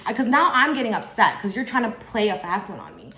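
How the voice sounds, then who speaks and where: A woman telling a personal story while eating, chatty and expressive with lots of fillers. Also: medium pitch, fast, few pauses. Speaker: vlogger. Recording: echoey room.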